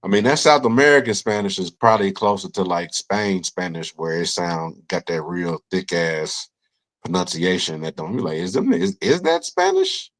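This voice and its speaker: A man's voice: low-pitched, normal speed, a bit bright. A man explaining at length in casual podcast chat, rambling and profane with many fillers. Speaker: podcast co-host.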